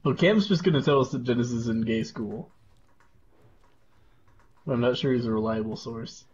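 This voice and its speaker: A man co-hosting a game stream, quietly reading chat aloud in a laid-back way. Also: medium pitch, normal speed, highs cut off, a little hiss or hum.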